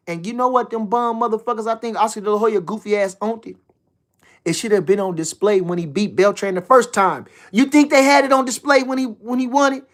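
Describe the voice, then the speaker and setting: A man's voice: extremely high pitch, fairly bright tone. A man hosting a casual livestream, hyped and repeating himself, swearing freely. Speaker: livestream host talking boxing.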